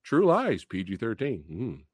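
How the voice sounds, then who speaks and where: Male reaction-stream host, swings wildly in pitch, unhurried, cursing, dry close mic. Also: breathy edge, no echo. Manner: profane, animated, laughing and booing. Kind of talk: live stream trailer reaction.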